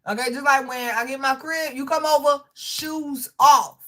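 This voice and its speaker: A woman hosting a casual livestream, talking straight to her viewers in a loud, profane, animated way with frequent laughter. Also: high voice, moderate pace. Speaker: livestream host reading chat.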